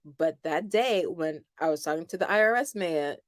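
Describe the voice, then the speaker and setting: A middle-aged woman hosting a homeschool channel, chatting casually with viewers and telling animated stories with playful quoted voices. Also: deep voice, moderate pace, dry recording, studio quality. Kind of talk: casual livestream chat with viewers.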